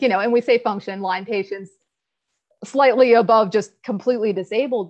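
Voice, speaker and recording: A woman guest in a casual interview, telling her health story candidly with quick asides. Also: medium pitch. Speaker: podcast guest. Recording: slightly dull lo-fi audio.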